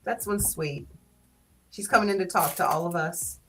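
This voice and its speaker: A woman with a Southern US accent hosting a casual live stream, playful and teasing, quick to laugh. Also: fairly low pitch, faint music behind, poor audio. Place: small studio.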